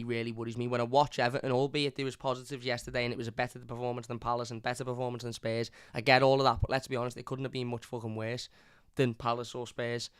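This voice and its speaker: A man's voice: medium pitch, clear, resonant tone, no echo, studio quality. Frustrated man ranting about his football team. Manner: frustrated, repetitive, swears often. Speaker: football fan channel host. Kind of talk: live match review rant.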